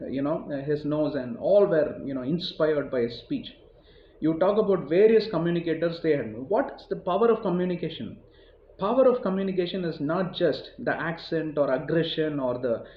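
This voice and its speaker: A man's voice: on the high side, slight background noise. Indian man, motivational speaker, rambling chatty delivery, dull lo-fi sound. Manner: rambling, conversational, heavy use of "you know" and repetition. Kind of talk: motivational talk. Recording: roomy, dull lo-fi recording.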